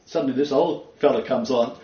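Rambling preacher in a roomy hall. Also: male voice, mid-range voice, mellow. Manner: rambling, halting, chuckling asides. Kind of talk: informal sermon with anecdotes. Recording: roomy, dull church recording.

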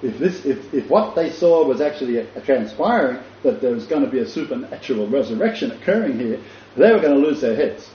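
A man's voice: medium pitch, expressive, a little fast, a little hiss or hum, close to an everyday voice. A man voicing a nervous, trembling Roman soldier who stammers with an Italian accent. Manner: stammering, anxious reassurance. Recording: dull echoey room.

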